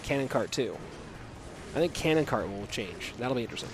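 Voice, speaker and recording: An American man casting an esports match alone, talking quietly and musing aloud as he reads chat. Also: mid-range voice, lively intonation, a little fast, background noise. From USA. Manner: quiet, subdued delivery to keep from waking a child; casual, musing, asks himself questions aloud. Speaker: esports caster. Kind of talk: solo esports commentary with chat reading.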